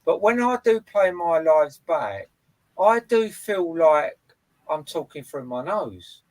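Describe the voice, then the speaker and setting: A man's voice: fairly high pitch, big pitch swings, slow, no echo, poor audio. A man streamer in casual chat, sweary, often restarting his sentences. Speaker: live streamer.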